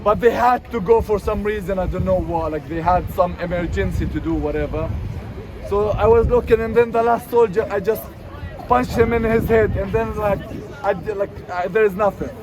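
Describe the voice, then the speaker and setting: A man giving an emotional protest speech outdoors in a city street, his voice rising to shouts. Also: sits high, moderate pace. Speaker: protest speaker. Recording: outdoor crowd noise. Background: crowd of protesters.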